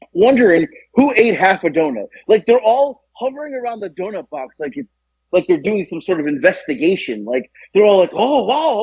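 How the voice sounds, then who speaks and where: A man co-hosting a podcast, telling a story in casual chat, animated and profane, acting out the voices of other people. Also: high-pitched, slightly rough, dry recording, lo-fi sound. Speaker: podcast co-host.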